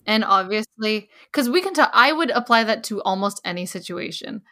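A woman's voice: medium pitch, expressive, moderate pace, bright, forceful tone. Giggly twenty-something woman cohosting a film podcast, casual chat. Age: 20s. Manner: bubbly, giggly, emotional. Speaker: podcast co-host.

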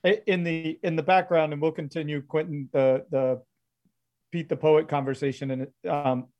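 A man's voice: fairly high pitch, level tone, moderate pace, dull audio. A man acting as game master, narrating a tabletop game with frequent hesitations and fillers.

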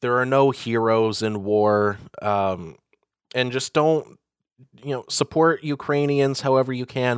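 A man co-hosting a podcast in casual chat over a video call. He talks in a measured way and makes dry jokes. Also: medium pitch, smooth, no echo. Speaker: podcast co-host.

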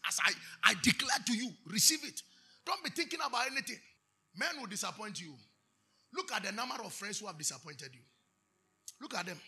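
A man with a Ghanaian English accent preaching a sermon, moving between chanted shouted declarations and quiet storytelling. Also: high-pitched, vocal fry, slightly rough.

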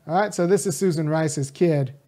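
A man's voice: on the high side, moderate pace, dark tone. A man from California delivers a passionate, unscripted monologue straight to his viewers. He is a college teacher talking at his own pace, pressing his points hard and wandering into side remarks along the way. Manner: impassioned, addresses viewers directly, rambling asides. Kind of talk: casual political video monologue.

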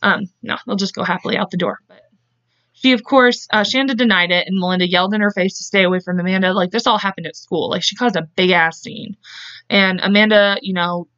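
A woman's voice: mid-range voice, steady tone, brisk, a bit bright, dry recording, muffled recording. Chatty, profane woman podcast host. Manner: chatty and profane, with laughing asides and side tangents. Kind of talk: casual true-crime storytelling.

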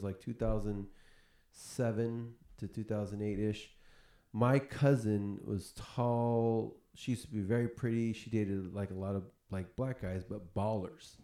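A man hosting a podcast, telling a story in a casual, animated way and laughing often. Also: on the low side. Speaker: podcast host. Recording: roomy echo.

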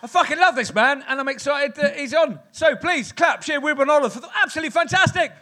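A man hosting a live club event, rallying the crowd with excited, sweary talk. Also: extremely high pitch, fast talker, background noise. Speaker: podcast host introducing acts. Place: live music club with audience.

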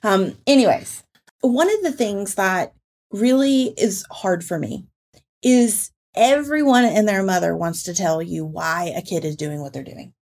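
A woman hosting a parenting podcast, explaining ideas in a casual, animated way. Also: medium pitch, measured pace. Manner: explanatory, animated, quotes people in put-on voices. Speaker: podcast host and parenting author.

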